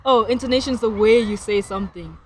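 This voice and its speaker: A woman's voice: fairly high pitch, a little fast, slight background noise. A woman guest on a podcast, a translator explaining language points patiently in casual chat, laughing easily.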